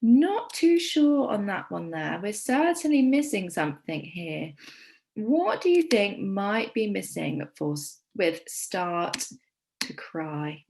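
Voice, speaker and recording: An English woman teaching a primary school lesson, with encouraging, clear teacher talk. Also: mid-range voice, sing-song, slow, darkish tone, rough recording. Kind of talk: recorded remote lesson.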